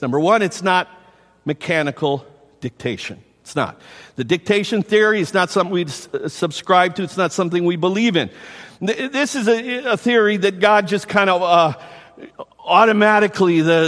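A man preaching a teaching sermon to a congregation. He repeats key words slowly and asks the listeners questions. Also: high-pitched, a bit bright. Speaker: pastor. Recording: long hall reverb.

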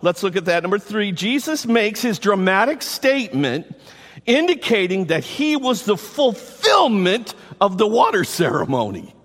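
A man preaching a sermon, enthusiastic and animated, repeating phrases for emphasis. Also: high voice, measured pace. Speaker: pastor. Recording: long reverb from the hall.

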